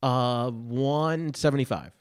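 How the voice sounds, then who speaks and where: A man co-hosting a casual sports-betting podcast, riffing with playful banter and quick laughs. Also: medium pitch, clean tone. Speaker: podcast co-host.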